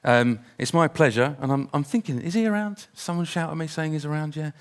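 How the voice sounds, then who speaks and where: A man's voice: a little high, fairly quick, clear, resonant tone. A man hosting a conference, introducing the next speaker on stage in an upbeat, chatty way. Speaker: conference host.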